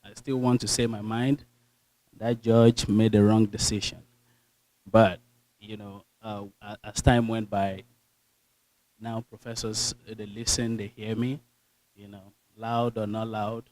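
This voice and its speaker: A young man with a Nigerian accent giving an earnest, animated motivational speech to an audience, telling stories and acting out the dialogue. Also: on the low side, measured pace, pauses often, no room sound, rough recording. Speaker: speaker.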